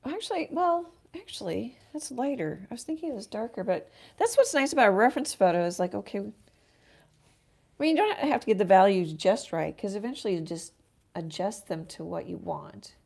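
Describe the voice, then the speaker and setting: A woman artist chatting casually and quietly while painting on a livestream. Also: sing-song, brisk, creaky. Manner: soft, low-key, talking while working.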